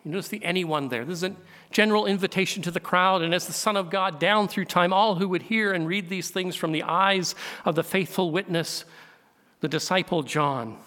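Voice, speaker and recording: Higher-voiced man preaching in a reverberant church. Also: a little fast. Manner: preaching, swelling to loud emphatic peaks; asks the congregation questions. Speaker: pastor. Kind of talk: sermon. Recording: long hall reverb.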